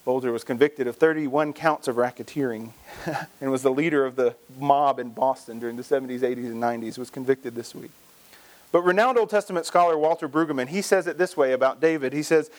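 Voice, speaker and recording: A man's voice: a little high, animated, moderate pace. A male pastor preaching a sermon, telling a story and acting out its dialogue, with frequent restarts.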